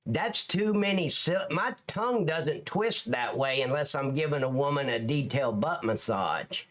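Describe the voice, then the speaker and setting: A man's voice: medium pitch, expressive, normal speed, a bit bright. A man with a Southern Alabama accent, hosting a livestream in a joking, rambling way and talking to his chat viewers by name. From lower Alabama, US. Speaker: livestream host.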